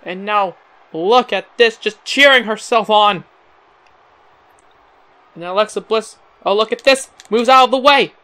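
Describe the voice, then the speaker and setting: A young man giving excitable play-by-play wrestling commentary, his voice cracking, with frequent exclamations and chuckles. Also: sits high, a little slow, pauses often, clean tone. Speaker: amateur commentator.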